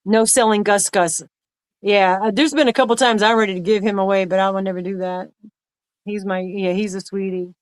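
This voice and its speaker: A woman's voice: mid-range voice, steady tone, a little fast, no room sound. A woman co-hosting a live stream, chatting casually in a rambling way that repeats itself. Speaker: livestream co-host.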